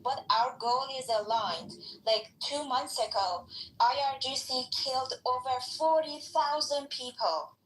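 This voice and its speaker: High-voiced woman with a Persian accent. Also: a bit bright, echoey room, a little hiss or hum, poor audio. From Iran. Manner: earnest, halting, repeats herself. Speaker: audience speaker in a debate. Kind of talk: heated online debate.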